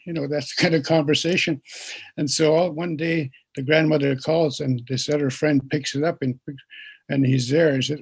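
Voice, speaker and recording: A man speaking as a guest speaker, telling stories in a gentle teaching way and having listeners repeat words after him. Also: a little high, fairly even intonation, moderate pace, husky. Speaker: guest speaker and pipe keeper. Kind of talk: storytelling teaching talk.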